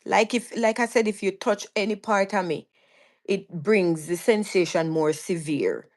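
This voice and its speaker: A woman's voice: mid-range voice, lively intonation, a little slow, a little mellow. A woman with a Jamaican accent, a guest telling her own story in casual talk, earnest and vivid, often restarting and repeating words. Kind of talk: casual storytelling on a live stream.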